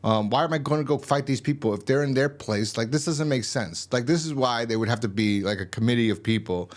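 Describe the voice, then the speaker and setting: A man's voice: mid-range voice, fast talker. A man giving a casual, rambling and profane review of a TV episode. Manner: rambling, profane, full of fillers and restarts.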